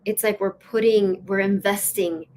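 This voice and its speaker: A woman's voice: mid-range voice, fairly even intonation, measured pace. Earnest woman telling a spiritual story. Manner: conversational and storytelling, with frequent "like" and "you know"; earnest, with soft laughs. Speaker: host and spiritual leadership teacher. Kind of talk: casual spiritual teaching.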